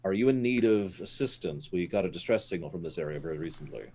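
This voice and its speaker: A man voicing a formal male starship captain in a tabletop game, measured and official. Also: deep voice, expressive, darkish tone, slightly rough, pitched below the performer's own voice, full character voice.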